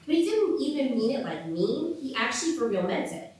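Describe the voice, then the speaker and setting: A chatty teenage girl rambles on, peppering her talk with "like" and acting out what others said, as an actress plays her on stage. Her voice sits fairly high. It rings through an echoey hall, picked up from a distance. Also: sing-song, a little fast, darkish tone. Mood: gossipy. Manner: rambling with constant "like", quoting others. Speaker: actor in a staged reading. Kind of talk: stage monologue, teen girl gossip. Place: theatre stage.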